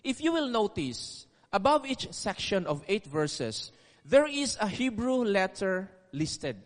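A man preaching a sermon in a deliberate, emphatic way, repeating key words for stress. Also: high voice, big pitch swings. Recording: long reverb of a large hall.

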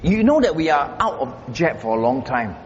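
High, animated pastor preaching in a hall. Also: male voice, moderate pace. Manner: emphatic preacher, repeats phrases, swings from loud highs to low murmurs. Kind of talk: sermon. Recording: dull roomy hall sound with faint background noise.

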